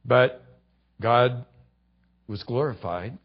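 A man preaching a sermon in a conversational way, acting out short quotes and dropping low for emphasis. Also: very slow, breathy edge, highs cut off. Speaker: pastor.

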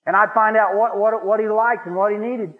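A man's voice: high-pitched, steady tone, brisk. A man giving a personal Christian testimony, telling his story in a folksy, repetitive way that builds in fervor. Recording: tinny, phone-like radio broadcast.

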